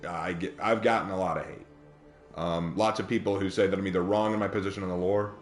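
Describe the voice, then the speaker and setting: A man's voice: sits low, steady tone, fast talker. A man chatting casually while streaming a game, laid-back, often chuckling and repeating himself. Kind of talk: casual gaming stream chat. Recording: roomy sound with music behind.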